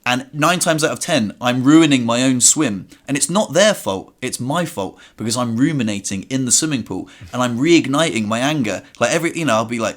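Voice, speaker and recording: A man's voice: mid-range voice, animated, fairly quick, hardly any pauses. A young man hosting a podcast in casual chat, telling reflective stories and acting out his own inner dialogue. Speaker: podcast host.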